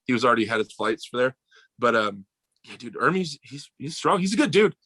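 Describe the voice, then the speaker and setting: A young American man telling stories in a casual podcast chat, animated and swearing, acting out the people he quotes. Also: mid-range voice, a little fast, slightly rough, dry recording. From United States. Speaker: podcast guest.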